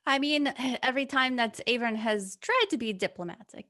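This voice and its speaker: High-voiced gentle woman player. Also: lively intonation, normal speed, few pauses. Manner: gentle, hesitant.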